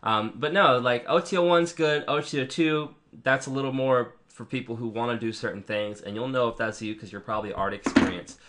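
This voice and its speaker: A man giving a casual, rambling review of marketing software while clicking through it on screen, with frequent ums and restarts. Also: medium pitch, fairly quick, hardly any pauses, slight background noise. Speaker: product reviewer.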